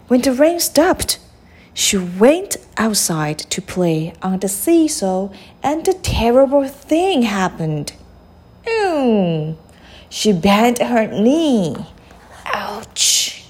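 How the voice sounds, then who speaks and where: A woman hosting a podcast, reading a children's picture book aloud in a slow, expressive way. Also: fairly high pitch, husky. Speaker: podcast host and storybook reader.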